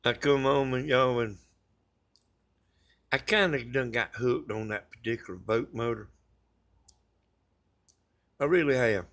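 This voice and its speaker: Southern man vlogger, mid-pitched, folksy rambling storyteller. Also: a little slow, long pauses, a bit bright. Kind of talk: casual storytelling to viewers.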